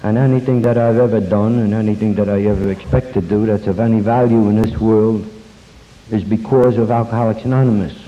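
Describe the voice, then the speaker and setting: An older man telling his life story at a recovery meeting, folksy and self-deprecating, pausing and restarting as he goes. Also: fairly low pitch, steady tone. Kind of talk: personal story talk with jokes. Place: meeting hall before an audience. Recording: dull lo-fi tape, long hall reverb.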